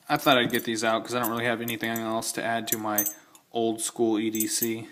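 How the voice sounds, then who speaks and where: A man's voice: lowish voice, monotone, fairly quick, a bit bright, a little hiss or hum. A young man casually showing off old-style knives and keys, rambling and correcting himself with enthusiastic asides. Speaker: knife collector showing his gear. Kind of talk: casual show-and-tell vlog.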